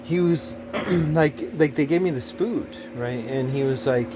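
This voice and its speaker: A man's voice: on the high side, unhurried, few pauses, a little mellow, a little hiss or hum. Rambling, profane man telling a story. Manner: rambling, profane, many fillers and restarts. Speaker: storyteller recounting a personal experience. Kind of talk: casual monologue.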